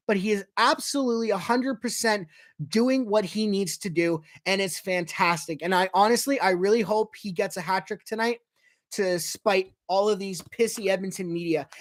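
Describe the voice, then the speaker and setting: A man giving casual fan commentary on a hockey game, ranting and cursing, swinging from shouts to low muttering. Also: no room sound, studio quality. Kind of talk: fan watch-along commentary. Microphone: personal mic.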